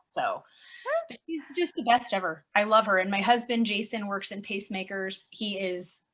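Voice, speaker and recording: A woman in her thirties, a science teacher talking as an interview guest, passionate and emotional, casual and animated. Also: mid-range voice, normal speed.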